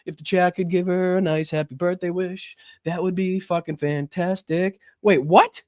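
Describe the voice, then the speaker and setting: A man's voice: high voice, animated, slow, no echo. A man hosting a political livestream, reacting to clips with heated, profane, mocking commentary. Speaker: political talk show host.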